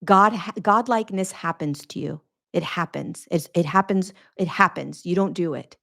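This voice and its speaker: A woman's voice: lowish voice, normal speed, a bit bright. A woman hosting her own podcast, speaking as a spiritual teacher in an earnest, emphatic monologue that repeats phrases for weight. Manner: earnest, repetitive, emphatic, preaching cadence.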